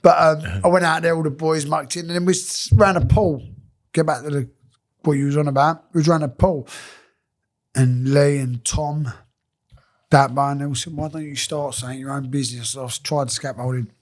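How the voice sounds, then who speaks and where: A man's voice: on the high side, steady tone, moderate pace. A man guest on a podcast, telling work stories in casual, swearing, laughing banter full of slang. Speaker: podcast guest, former scaffolder and boxer. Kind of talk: casual storytelling chat.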